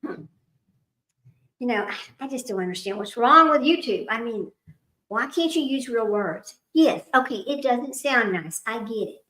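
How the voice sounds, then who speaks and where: A woman's voice: on the high side, lively intonation, a little slow, pushed and bright. A woman hosting a trivia livestream, chatting casually with viewers and often laughing at herself as she rambles. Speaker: livestream host running trivia. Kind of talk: casual chat with live viewers. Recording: roomy echo.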